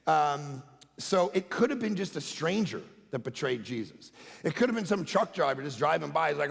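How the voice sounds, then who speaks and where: A man, a pastor, preaching a conversational sermon that swings between loud emphatic bursts and quiet low asides. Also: sing-song, a little fast, gravelly. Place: church auditorium. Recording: long hall reverb.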